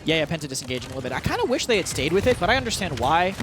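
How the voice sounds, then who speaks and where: Male analyst caster from Long Island, high animated voice, rapid delivery, noisy live event feed. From Long Island, New York. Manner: quick, lively analytical talk. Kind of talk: live esports color commentary.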